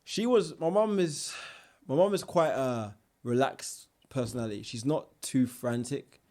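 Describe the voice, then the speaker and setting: A man's voice: mid-range voice, unhurried. Young man telling his story. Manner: animated storyteller, many restarts and slang. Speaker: guest. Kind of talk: casual interview storytelling.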